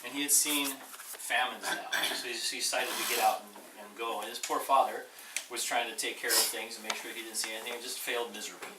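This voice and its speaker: A man's voice: medium pitch, quick pace. Casual male teacher, echoey distant sound. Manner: casual, animated, acting out quotes. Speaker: Buddhist minister and teacher. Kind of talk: storytelling lesson to a group. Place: room with a small audience. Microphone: distant room mic. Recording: echoey room, far mic, background noise.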